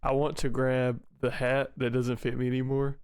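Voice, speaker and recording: A man's voice: mid-range voice, flat delivery, normal speed, darkish tone, smooth, no room sound, clean studio sound. A man playing a tabletop role-playing game, speaking in a matter-of-fact way. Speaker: player.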